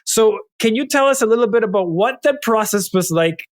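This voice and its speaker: A man's voice: high-pitched, animated, fairly quick, no echo. A man hosting an interview, talking in an enthusiastic, effusive way. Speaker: podcast host. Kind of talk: casual interview chat.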